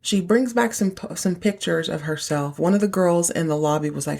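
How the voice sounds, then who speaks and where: Chatty woman with a lowish voice. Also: normal speed, gravelly, darkish tone. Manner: chatty, playful asides. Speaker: podcast host. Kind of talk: casual episode recap.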